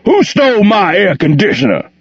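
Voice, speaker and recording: A man's voice: sits high, wildly swooping pitch, normal speed, breathy edge, no echo, voice pushed up, exaggerated voice. A man voicing a violent, raging grown man who bellows furiously, in a dull, muffled recording.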